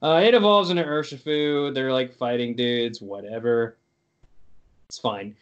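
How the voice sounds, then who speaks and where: A man's voice: mid-range voice, a little slow, smooth, dull audio. A young man co-hosting a podcast, chatting in a playful, jokey, rambling way. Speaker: podcast co-host. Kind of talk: casual chat.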